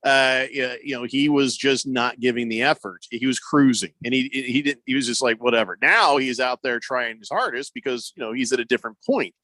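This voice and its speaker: A man's voice: medium pitch, a little fast, hardly any pauses, dry recording. A man hosting a sports radio show, chatting casually and joking in playful bits. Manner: joking, animated, playful voices. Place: radio studio. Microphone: studio microphone.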